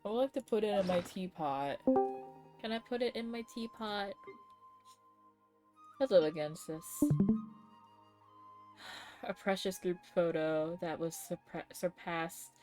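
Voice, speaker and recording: A woman's voice: fairly low pitch, unhurried, long pauses, over loud music. A young woman streaming a game live, reacting with emotional exclamations and reading game text aloud. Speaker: VTuber streamer.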